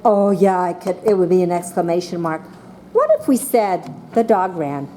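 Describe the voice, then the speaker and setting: A woman teaching a class of young children, speaking slowly and patiently and calling on each child by name. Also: fairly low pitch. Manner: slow and patient, calling on children by name, voicing excited examples.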